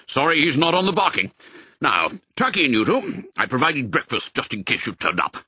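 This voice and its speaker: Casting: a man putting on a hearty old sheepdog colonel for a storybook, bright and forceful, bouncing all over his range, slightly husky. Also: medium pitch, very animated, dry recording, heavily acted. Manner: brisk, bluff, fatherly. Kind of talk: audiobook character voice.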